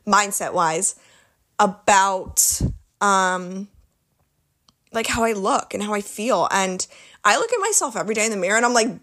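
Young woman podcasting solo, chatty and candid, lots of "like", mid pitch. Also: fairly bright tone. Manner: chatty, candid, self-interrupting with filler "like". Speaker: podcast host.

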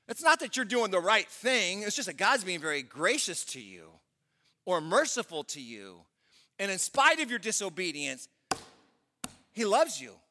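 A man's voice: high-pitched, bright, forceful tone. A man preaching a sermon as pastor, talking conversationally, asking the congregation questions and acting out quoted prayers. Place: church auditorium. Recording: long church hall reverb.

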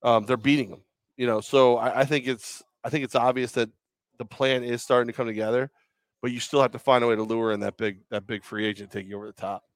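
A man's voice: medium pitch, steady tone, quick pace, no echo. A man co-hosting a casual sports chat, rambling and joking with many restarts. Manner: rambling, jokey, lots of restarts. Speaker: podcast co-host.

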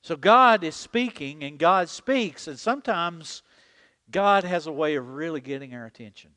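Brief: lively male preacher, slightly high voice, echoing church hall. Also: moderate pace. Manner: animated preaching, leads the congregation in call-and-repeat. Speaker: pastor. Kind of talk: sermon. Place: church sanctuary. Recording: long hall reverb.

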